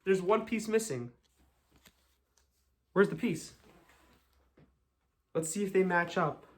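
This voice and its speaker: American male magician, young, slightly high voice, jokey and chatty patter. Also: slow. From United States. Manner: chatty, joking, self-deprecating. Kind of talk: live magic show patter.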